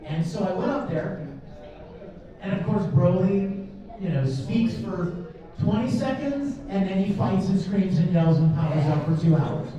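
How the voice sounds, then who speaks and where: A man's voice: sits high, mellow. A man who voices cartoon roles answers fan questions at a convention panel, telling stories in a chatty way and laughing often. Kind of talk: animated storytelling in a Q&A. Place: large convention panel room with an audience. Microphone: filmed from a camera in the audience. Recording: echoey hall recorded from far off, dull sound.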